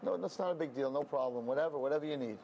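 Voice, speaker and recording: A man playing an easygoing young husband, relaxed, reassuring. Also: mid-range voice, very fast, highs cut off, a little hiss or hum, close to an everyday voice.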